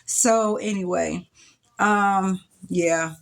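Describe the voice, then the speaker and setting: A middle-aged woman speaks straight to camera. She recounts her past in a reflective, emotional way, with sighs and restarts. Her voice sits at a typical pitch for a woman. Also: fairly even intonation, extremely slow, vocal fry. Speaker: vlogger telling her life story. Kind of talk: personal storytelling to camera. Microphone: camera mic.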